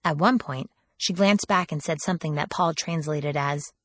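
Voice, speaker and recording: A woman's voice: deep voice, normal speed, fairly bright tone. A woman reading a first-person audiobook in a wry, sardonic storytelling manner, lifting her voice for quoted lines. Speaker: audiobook narrator.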